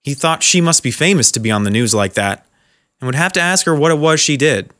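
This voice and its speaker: A man narrating a dramatic short story in a measured, scripted way. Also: on the high side, animated, a bit bright.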